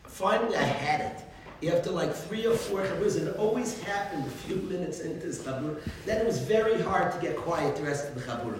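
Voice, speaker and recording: A man, a rabbi, giving an informal religious talk full of animated stories and frequent chuckles. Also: on the high side. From United States. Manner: animated storytelling, chuckles often. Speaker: rabbi teaching a class. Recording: very echoey room, distant mic, faint noise.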